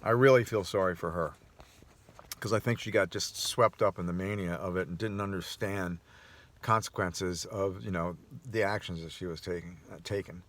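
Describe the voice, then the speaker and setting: Male vlogger, lowish voice, loose rambling monologue with restarts and chuckles. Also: steady tone, normal speed, a bit bright. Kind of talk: casual personal monologue.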